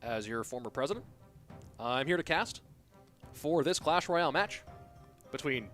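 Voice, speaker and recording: A man doing an impression of a pompous older male politician, slow and self-important. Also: a little high, expressive, a bit bright, faint music behind.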